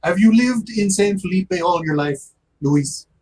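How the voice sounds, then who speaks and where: Player voicing a calmly menacing interrogator. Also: mid-range voice, a little slow, a little hiss or hum, lightly acted, rough recording. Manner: casual, quietly threatening. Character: calm menacing male interrogator.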